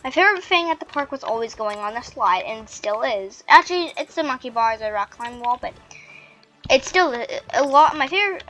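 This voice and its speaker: A woman's voice: sits high, animated, a little fast, fairly bright tone. A woman hosting a gaming channel, telling a childhood story in a rambling, chatty way with lots of "like" and restarts while she plays. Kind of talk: casual storytelling while playing a game.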